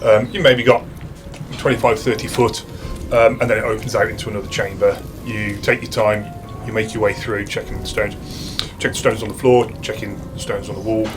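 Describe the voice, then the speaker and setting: A man's voice: fairly low pitch, little pitch movement, over music. British man running a tabletop game. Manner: casual, halting, lots of restarts and fillers. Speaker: dungeon master.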